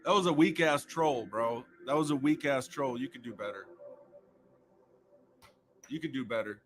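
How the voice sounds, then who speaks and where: A man's voice: medium pitch, normal speed, a bit bright, slight background noise. A man hosting a livestream, trading crude insults and taunts with a caller and his viewers. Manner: profane, taunting, repetitive. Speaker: livestream host.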